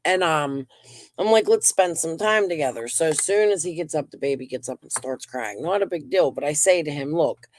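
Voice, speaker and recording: A middle-aged woman and grandmother hosting a casual livestream, venting and telling stories in an animated way while getting over a lung infection. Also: deep voice, moderate pace. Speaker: livestream host.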